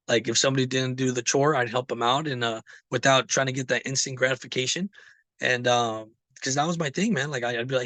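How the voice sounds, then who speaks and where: A man's voice: medium pitch, fairly even intonation, brisk, a bit bright, dry recording. A man telling his recovery story in a casual, rambling way, with many fillers. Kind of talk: casual personal testimony.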